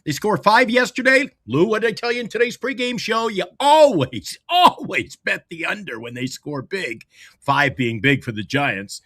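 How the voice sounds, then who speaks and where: Man, fan sports talk co-host, sarcastic, joking, lively pitch, dry sound. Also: normal speed, no room sound. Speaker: podcast co-host.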